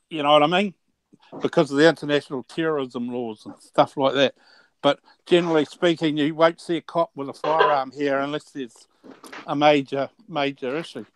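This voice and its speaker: A man with a New Zealand accent chatting casually, halting and restarting his sentences often. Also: fairly high pitch. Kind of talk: casual chat.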